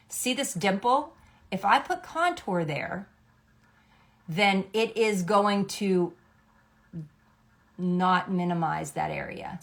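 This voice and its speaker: A middle-aged woman, a makeup artist, explaining a makeup routine step by step in a chatty, instructive way, often checking in with "okay?". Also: fairly low pitch. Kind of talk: makeup tutorial.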